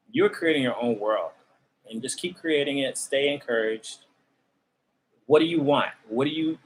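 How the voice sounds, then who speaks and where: A man hosts his own channel and rambles casually to his viewers about spirit and energy. His voice sits in a mid range with a bright, forward edge, and it stays loose and chatty. A faint hum of noise runs underneath. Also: mid-range voice, rough recording. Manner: loose, conversational, addresses viewers as "y'all", laughs often. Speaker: tarot reader and channel host.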